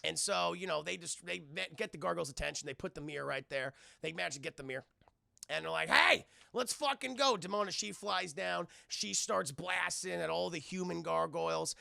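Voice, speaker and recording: A man's voice: fairly high pitch, steady tone, fairly quick, creaky, bright, forceful tone, no echo, studio quality. A man recapping a cartoon episode to his live chat, rambling, swearing a lot and speaking animatedly. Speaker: cartoon reviewer and streamer.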